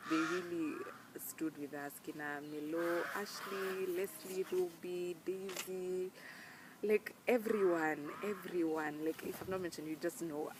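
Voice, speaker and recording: Her fairly low voice stays mostly even in intonation and moves at a measured pace over a noisy background. She's a young vlogger with a Kenyan accent, speaking earnestly and emphatically to camera, dropping in Swahili slang during a casual, heartfelt chat.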